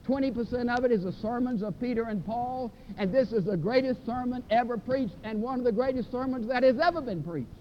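A man preaches with a strikingly high voice, hammering his points by repeating them and slowing down to stress each quoted verse. The recording sounds dull and lo-fi, with a faint low rumble underneath. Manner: emphatic, repeats phrases for force. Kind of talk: sermon.

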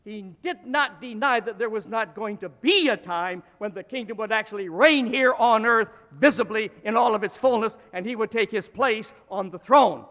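An older man from Illinois with a northern US accent preaching a sermon from a pulpit, telling stories with emphatic swings in loudness. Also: sits high, moderate pace, hardly any pauses, in a large hall. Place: church sanctuary, at a pulpit.

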